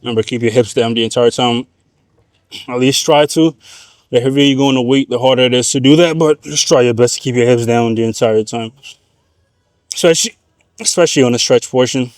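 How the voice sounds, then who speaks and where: A man's voice: medium pitch, brisk, long pauses, no echo. Young man coaching casually in the gym. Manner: relaxed slangy explaining between sets. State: out of breath. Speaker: fitness vlogger.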